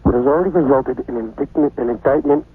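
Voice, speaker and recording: A man's voice: mid-range voice, expressive, fast talker. Nervous New York man on phone. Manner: nervous, mumbling, hesitant reading. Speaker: intern auditioning by phone. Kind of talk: phone call, reading news aloud. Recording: phone line with faint hiss.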